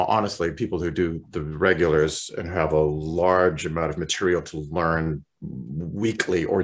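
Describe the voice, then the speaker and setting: A male voice actor chatting as an interview guest, relaxed and rambling, often clearing his throat. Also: low-pitched. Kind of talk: casual interview chat.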